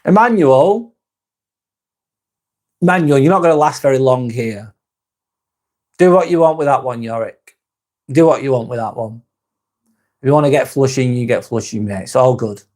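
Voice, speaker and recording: A British man hosting a live stream, chatting with viewers in a calm, relaxed, easygoing way. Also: mid-range voice, moderate pace, pauses often. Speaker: live-stream host reading viewer comments. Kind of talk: casual live-stream chat.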